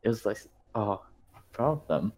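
A man's voice: lowish voice, very animated, normal speed, dull audio. A young man in his twenties, a former university student, rambling through a casual story with fillers and some swearing. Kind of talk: casual chat.

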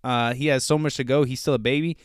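Slightly winded, this young faith-podcast host talks fast and rambles earnestly, filling his speech with fillers. His voice sits at a medium pitch, smooth and steady in tone, captured in clean studio sound without any room sound.

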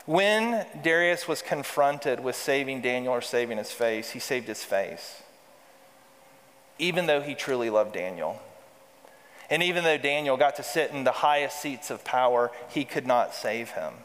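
A man's voice: medium pitch, expressive, unhurried, fairly bright tone. A man preaching a sermon as pastor, reading scripture aloud with emphasis and calling the congregation to repeat lines back. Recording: reverberant hall.

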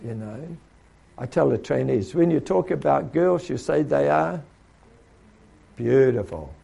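A man's voice: medium pitch, animated, a little slow, creaky, dark tone, breathy edge, muffled recording. A man preaching a sermon to trainees, asking rhetorical questions and now and then mimicking the voices of other people.

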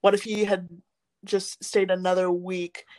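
A woman's voice: lowish voice, little pitch movement, a little slow, darkish tone. A young woman co-hosting a casual podcast chat, rambling with lots of filler words and giggling. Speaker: podcast co-host.

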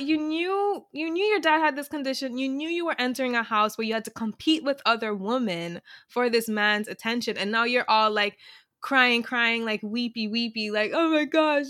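A woman's voice: fairly high pitch, normal speed, pushed and bright, dry recording, clean studio sound. A woman co-hosting a podcast, chatting casually and animatedly, laughing often as she retells a reality show. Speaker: podcast co-host. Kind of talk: casual chat.

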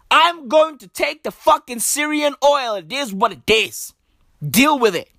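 Lively ranting young man, dry close sound. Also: extremely high pitch, gravelly, no room sound. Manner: animated, profane slang-heavy ranting with mock impressions. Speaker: comedic commentator. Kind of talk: profane comedic rant.

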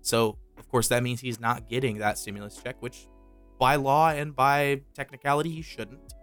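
A man's voice: medium pitch, little pitch movement, moderate pace, a bit bright, clear, resonant tone. A young man chats loosely on a podcast, swearing often as he spins his story. A faint bed of music plays beneath his voice. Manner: loose storytelling with frequent profanity. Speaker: podcast co-host. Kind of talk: casual chat.

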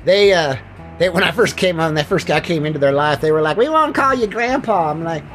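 Lying down indoors, a male podcast host rambles in a jokey way and keeps repeating himself. He speaks fairly quickly in a voice on the high side, with faint music behind him on a low-quality recording.

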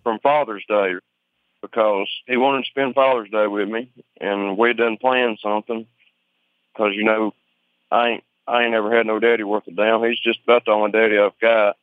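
A man with an Alabama Southern accent telling a story over the phone in an informal, rambling way, full of swearing and halting restarts. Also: fairly low pitch, level tone, smooth, no echo. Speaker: interviewee on a phone call. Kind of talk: conversational storytelling. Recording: tinny phone line, dry.

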